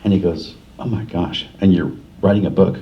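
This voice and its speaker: A man's voice: low voice, steady tone, moderate pace. An older man from New Jersey, an author at a library forum, telling rambling, self-deprecating stories in casual talk. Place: library meeting room. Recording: distant, muffled room recording with faint hiss.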